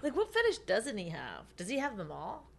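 A woman's voice: medium pitch, wildly swooping pitch, moderate pace, vocal fry. A woman co-hosting a podcast, chatting crudely and sarcastically. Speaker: podcast co-host. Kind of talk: casual comedic chat.

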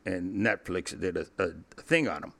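Gravelly, profane older man telling stories. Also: sits low, lively intonation, normal speed, a bit bright. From Cuba. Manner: blunt, profane, laughs often, repeats himself. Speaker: interview guest. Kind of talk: candid storytelling in a podcast interview.

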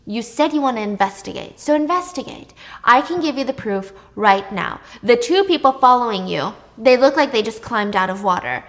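Woman doing a distraught young woman, ghost-seer, high pleading voice, insistent. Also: animated, moderate pace, few pauses, a bit bright. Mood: defiant.

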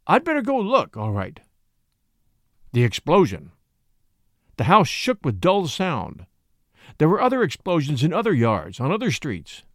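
An expressive male narrator reading a suspense story, his pitch swinging widely from phrase to phrase. The voice is slightly high for a man and the recording is dry and close. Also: dry recording. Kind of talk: audiobook reading.

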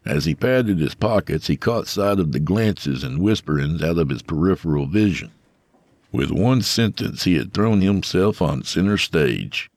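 A man narrating a scripted story in a dramatic, measured way. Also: sits low, lively intonation, darkish tone, dry recording.

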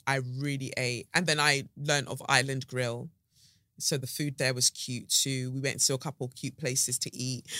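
Low bright woman rambling on her solo podcast, dry close mic. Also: no echo. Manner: rambling, animated, slangy. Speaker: podcast host. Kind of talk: casual solo podcast chat. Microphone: studio podcast mic.

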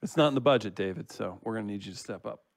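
A man's voice: lowish voice, rapid-fire, vocal fry, noisy background. Laid-back man reading listener comments. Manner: laughs often while reading, relaxed joking. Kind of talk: casual podcast banter.

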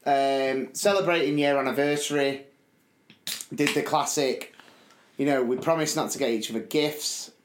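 A man, telling a self-mocking story in a chatty, animated way on a podcast. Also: mid-range voice, normal speed, roomy sound, slight background noise. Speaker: podcast co-host. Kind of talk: casual storytelling.

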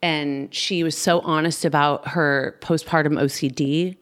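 A woman's voice: deep voice, steady tone, a little slow, a bit bright. A woman hosting a podcast, chatting casually and emphatically with frequent laughs. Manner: gushing, emphatic, laughs often. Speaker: podcast host. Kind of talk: casual chat.

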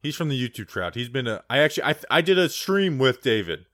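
A man's voice: medium pitch, very animated, fast, fairly bright tone, dry recording, studio quality. Rambling man on a casual sports podcast. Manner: rambling, digressive, heavy on "like". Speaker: podcast co-host.

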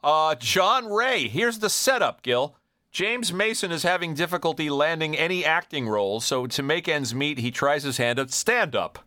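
A man's voice: a little high, animated, sharp tone, dry recording, clean studio sound. A man hosting a podcast, reading out listener questions in casual chat and chuckling along. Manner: brisk, chuckling question reader. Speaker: podcast host.

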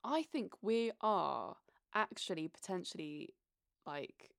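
Young woman british, low voice with lots of vocal fry, chatty and candid, dry close mic. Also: sing-song, slow pace, dry recording. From Britain. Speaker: podcast co-host. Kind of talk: casual chat.

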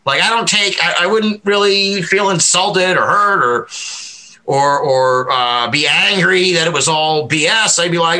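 A man talking in a rambling, animated podcast discussion, swearing freely and laughing often. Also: a little high, a little slow, low-quality recording. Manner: many fillers and restarts, laughs often.

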